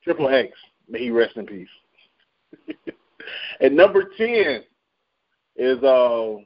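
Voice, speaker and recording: A man's voice: medium pitch, expressive, slow pace, pauses often. A man hosting a casual radio-style chart rundown, joking and slangy with frequent laughs. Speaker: radio show host. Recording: dull lo-fi sound.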